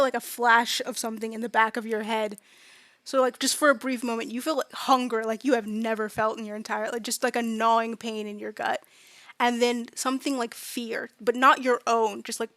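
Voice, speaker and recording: A woman's voice: a little high, a bit bright, dry recording. A woman game master casually narrating a tabletop game, with many fillers in her descriptions.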